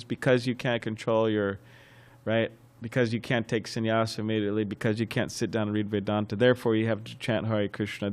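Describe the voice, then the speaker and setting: A man's voice: on the low side, smooth. Man telling stories in a temple class. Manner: lively storytelling with chuckles and restarts. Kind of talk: sermon with storytelling.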